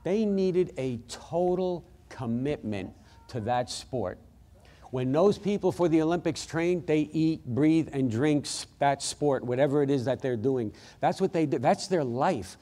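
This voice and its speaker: A man's voice: fairly high pitch, lively intonation, a little slow, mellow. A man preaching a fervent sermon as the church's pastor, with frequent exclamations of praise.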